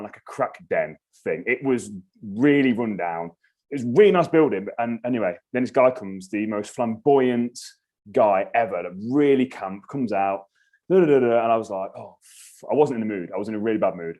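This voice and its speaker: A man, a podcast guest telling a story in casual chat, animated and swearing freely. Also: medium pitch, a little fast. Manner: animated, swears freely, acts out his own reactions.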